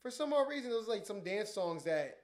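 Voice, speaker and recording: A young man who works as a DJ, telling profane, animated stories in casual podcast chat. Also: high voice, normal speed. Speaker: DJ and podcast co-host. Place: podcast studio.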